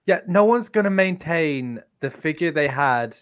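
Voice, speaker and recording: A man with a Northern English accent, co-hosting a casual podcast chat and ranting with animated, sweary mock outrage. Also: a little high, measured pace. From England. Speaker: podcast co-host.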